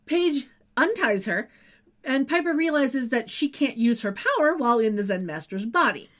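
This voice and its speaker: A chatty woman co-hosts a podcast and recaps a TV episode in easy, wry conversation. Her voice sits a little high. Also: sing-song, normal speed, fairly bright tone. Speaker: podcast co-host. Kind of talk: casual recap chat.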